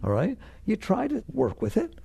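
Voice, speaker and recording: A man's voice: high-pitched, wildly swooping pitch, moderate pace, gravelly, mellow, breathy edge, no room sound. A man teaching on spirituality in a casual, earnest way, repeating phrases to press his point and acting out anxious inner voices. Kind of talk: conversational spiritual talk.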